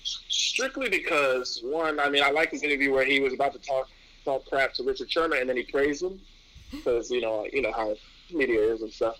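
A young man from New York answering questions in a casual interview, relaxed and rambling, with frequent restarts and laughs. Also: medium pitch, low-quality recording. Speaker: interview guest, pro athlete.

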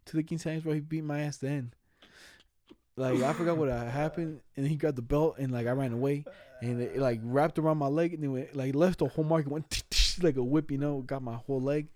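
Young man, casual storyteller, slangy and laughing, mellow timbre, dry recording. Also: fairly high pitch, steady tone, brisk, dry recording. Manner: slangy, laughing, acts out quoted voices. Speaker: friend telling stories.

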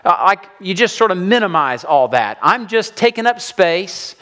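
A man preaching a sermon to his congregation, animated and acting out the voices of people he quotes. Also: high-pitched, moderate pace. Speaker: pastor.

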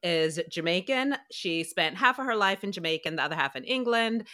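Woman podcast host, bright voice, goes way up and down, teasing and playful. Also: lowish voice, lively intonation, brisk. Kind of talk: casual podcast conversation.

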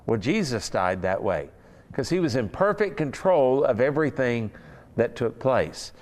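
A man preaching a sermon in an unhurried, conversational way. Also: medium pitch, sing-song, a little mellow. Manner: conversational, unhurried, with fillers and asides.

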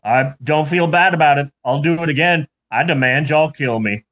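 A man's voice: a little high, normal speed, fairly bright tone, close to an everyday voice. A man voicing a blunt, insistent adult male murderer. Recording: lo-fi recording.

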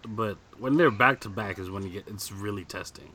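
A man's voice: on the low side, a little fast, pushed and bright. A young man co-hosting a podcast, teasing and playful in casual chat. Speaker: podcast co-host.

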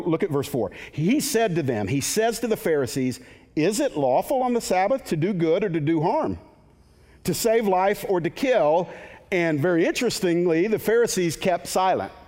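A man's voice: on the high side, in a large hall. A male pastor preaching a sermon in a conversational, emphatic way, with asides to the congregation.

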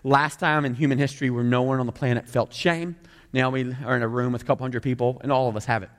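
Southern guy preaching, chatty and jokey, normal pitch, big reverby hall. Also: fast. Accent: Southern American. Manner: animated, conversational, jokey asides to the crowd. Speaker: pastor. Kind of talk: sermon. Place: large room with a couple hundred people.

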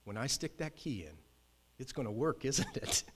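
A male pastor preaching a sermon, telling a personal story in an animated, emphatic way with quick restarts. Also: medium pitch. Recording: long hall reverb.

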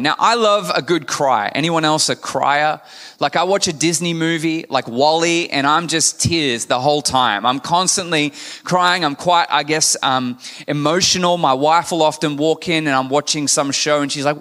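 A man's voice: a little high, moderate pace, fairly bright tone, big-room sound. A man preaching a sermon in a candid, conversational manner, asking his congregation questions. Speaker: pastor.

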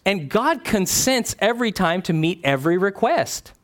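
A man's voice: sits high, very animated, moderate pace. A man preaching a sermon, reading scripture aloud and explaining it in an earnest, conversational way, often asking his listeners questions.

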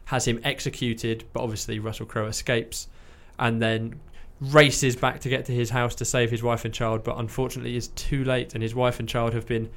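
A man of middle pitch hosting a film podcast. He talks casually and with enthusiasm, drifting through asides with plenty of fillers and the occasional swear word. His delivery stays loose and conversational. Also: flat delivery, a little fast, hardly any pauses, fairly bright tone. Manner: chatty and enthusiastic, sprinkled with fillers and mild swearing. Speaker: podcast host reviewing a film. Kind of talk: casual chat.

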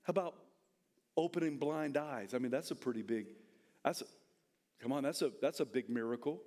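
A male pastor preaching a sermon, bursting into shouted, soaring lines and dropping back into chatty storytelling. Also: fairly quick. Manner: fiery preaching that swings into shouted high bursts, then drops to storytelling; casual, chatty retelling with restarts.

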